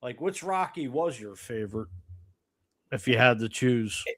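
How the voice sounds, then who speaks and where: A man's voice: mid-range voice, animated, unhurried. A man hosting a casual interview, giving short responses and asking easygoing questions. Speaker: host.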